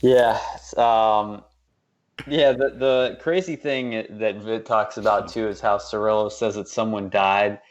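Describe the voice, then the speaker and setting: A man's voice: on the low side, fairly even intonation, slow, dull audio. Rambling man on a sports podcast. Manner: rambling, many fillers and restarts. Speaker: podcast co-host. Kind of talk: casual sports podcast chat.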